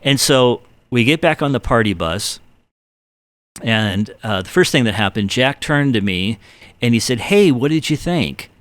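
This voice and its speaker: A middle-aged man with a fairly low voice tells a long, rambling story about himself in a laid-back chat. He acts out the voices of the people in it as he goes. The sound is close and dry, with no room echo. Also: a little slow. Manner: animated anecdotes with acted-out quotes; self-deprecating, rambling. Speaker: guitar builder guest. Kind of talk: casual storytelling on a podcast.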